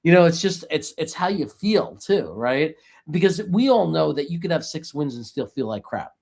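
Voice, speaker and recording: A man's voice: fairly high pitch, very animated, moderate pace, vocal fry, a little mellow. A man hosting a casual sports podcast, talking in long rambling run-on thoughts full of "you know"s. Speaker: podcast host.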